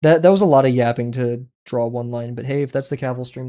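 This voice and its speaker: A man's voice: medium pitch, fast talker, warm tone. A young man livestreaming while he draws, chatting loosely with viewers in a rambling, self-deprecating way. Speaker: drawing livestreamer. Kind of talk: casual chat while drawing on stream.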